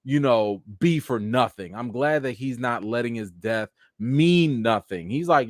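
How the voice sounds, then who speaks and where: A man's voice: medium pitch, big pitch swings, measured pace, dry recording, clean studio sound. A man hosting a live chat reaction and review of a TV episode, talking casually with lots of "you know" fillers. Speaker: show host and reviewer.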